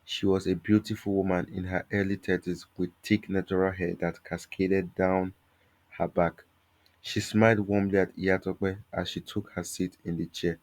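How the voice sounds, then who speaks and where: A man narrating a scripted folktale in a steady, measured storytelling manner. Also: deep voice.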